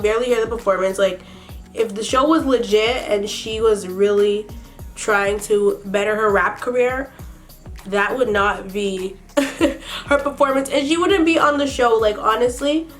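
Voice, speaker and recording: Woman makeup vlogger, slightly sick, blunt sassy recap, higher voice, faint music behind. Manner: blunt, profane, sassy commentary. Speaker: beauty vlogger. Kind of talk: makeup tutorial with TV recap chat.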